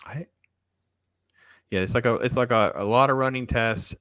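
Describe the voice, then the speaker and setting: A man's voice: mid-range voice, moderate pace, pauses often, fairly bright tone, dry recording. A man hosting a casual reaction stream, riffing sarcastically and talking straight to his viewers. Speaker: show host.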